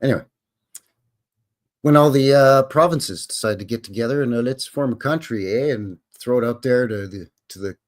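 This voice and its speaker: A man's voice: medium pitch, normal speed. Man, live stream host; casual, rambling, wry and skeptical, reads aloud between asides. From Canada. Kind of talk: live stream commentary, reading articles aloud.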